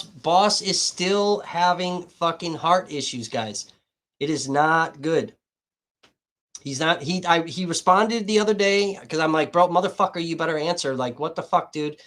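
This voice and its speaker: A male livestreamer with a slightly high, somewhat bright voice rambles and swears while chatting casually with his viewers. He's hot and dehydrated.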